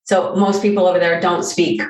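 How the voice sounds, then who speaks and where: A woman, a life coach, chatting as a guest in a relaxed way, full of fillers and quick laughs. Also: lowish voice. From Canada. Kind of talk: casual conversation. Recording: roomy echo, distant from mic.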